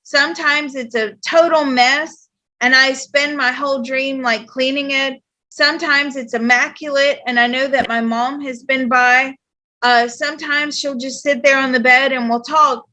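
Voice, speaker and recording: A woman psychic host with a high, bright voice, chatting casually. She tells her stories in an animated, lively way and laughs often. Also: unhurried. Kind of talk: casual chat.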